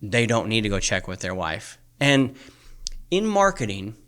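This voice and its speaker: A man's voice: lowish voice, big pitch swings, measured pace, a bit bright. A man co-hosting a podcast, ranting heatedly and swearing often, rambling with many restarts. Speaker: podcast co-host, coach. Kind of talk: heated casual podcast chat. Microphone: studio microphone.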